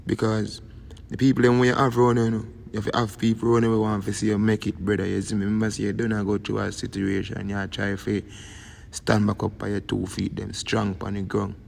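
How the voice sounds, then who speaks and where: A man's voice: lowish voice, monotone, fairly quick, vocal fry. A man with a Jamaican accent giving rambling casual commentary as a YouTube host, tagging lines with "you see me". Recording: long reverb, faint background noise.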